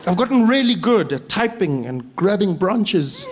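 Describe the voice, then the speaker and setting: A man, doing lively stand-up comedy on a stage before a live audience. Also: high-pitched, a little slow, a crowd in the background, noisy background. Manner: animated storytelling with acted-out voices.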